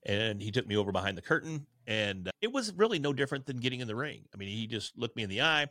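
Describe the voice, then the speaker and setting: Bright-voiced man telling earnest stories. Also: medium pitch, fast, no echo. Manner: earnest, energetic, self-deprecating. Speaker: podcast guest. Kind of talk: candid conversational storytelling. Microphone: video call.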